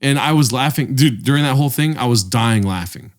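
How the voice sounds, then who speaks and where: A man hosting a podcast in an apartment, chatting casually as a rambling, animated storyteller. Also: mid-range voice, a little fast. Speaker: podcast host. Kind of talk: casual chat.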